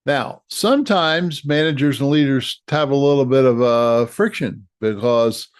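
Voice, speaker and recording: A middle-aged man talks straight to his viewers as a leadership coach, earnest and encouraging, often restarting a phrase before finishing it. His voice sits at an ordinary pitch for a man. The sound is dry and close, with little room echo. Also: darkish tone. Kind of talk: direct-to-camera coaching talk.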